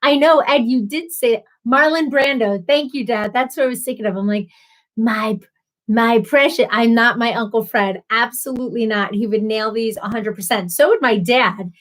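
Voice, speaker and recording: A woman's voice: on the high side, brisk, hardly any pauses, a bit bright. Chatty woman hosting a live stream. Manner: chatty, answers viewers by name, laughs often. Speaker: livestream host. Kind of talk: casual live-stream chat.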